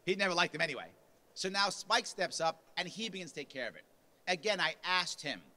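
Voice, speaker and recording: Brisk, expressive and high-pitched, with a pushed, bright quality, this man gives a punchy motivational speech at a party convention. In the convention lunch hall he acts out quotes, his voice rising louder.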